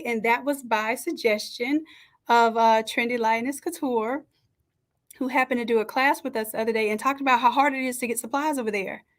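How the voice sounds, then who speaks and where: A woman hosting a live stream from a home setup, chatting and greeting each viewer warmly by name. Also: on the high side. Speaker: livestream host and design coach. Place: home setup with makeshift camera stand. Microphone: camera on a stand.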